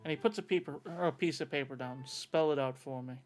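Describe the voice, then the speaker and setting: A man's voice: on the high side, quick pace, faint music behind. A man running a tabletop role-playing game, narrating what characters do and speaking their lines in his own voice. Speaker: game master.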